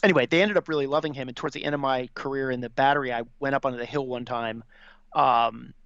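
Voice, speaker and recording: Fast-talking man telling war stories. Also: medium pitch, vocal fry, dry recording, lo-fi sound. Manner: animated, quick anecdotes with many fillers. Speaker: podcast guest, former Marine officer. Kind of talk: casual storytelling.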